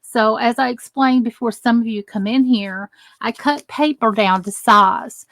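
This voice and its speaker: A woman's voice: on the high side, no room sound. A middle-aged woman from the United States hosting a live crafting tutorial, chatting and greeting viewers by name as she works. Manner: chatty, greets viewers by name while working with her hands. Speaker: crafting channel host.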